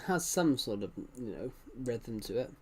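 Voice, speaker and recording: A man's voice: mid-range voice, expressive, normal speed, a little mellow, slightly rough. Rambling young man on a live stream. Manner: rambling, self-correcting, chatty with viewers. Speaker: livestreamer. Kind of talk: casual live-stream chat.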